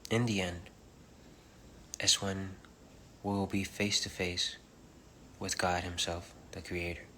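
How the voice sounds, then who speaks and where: A very deep, gravelly man shares a spiritual message on a live stream, soft-spoken and halting, with a bright edge to his tone. His delivery stays flat and even, and a faint hiss of room noise sits under it. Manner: soft-spoken, halting, many pauses and fillers; switches between English and Spanish. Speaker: preacher on a livestream. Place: home livestream. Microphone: phone or webcam.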